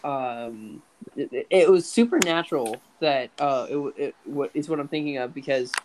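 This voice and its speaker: A young man chats casually as a podcast co-host. He stumbles through his thoughts with repeated restarts and stammers, in an ordinary mid-pitched voice. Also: moderate pace, a little mellow, a little hiss or hum.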